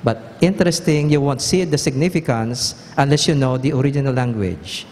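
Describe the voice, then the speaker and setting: A man's voice: medium pitch, animated, brisk, darkish tone, big-room sound. A Filipino-accented male pastor preaching a sermon in a conversational way, often checking in with the congregation. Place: church sanctuary.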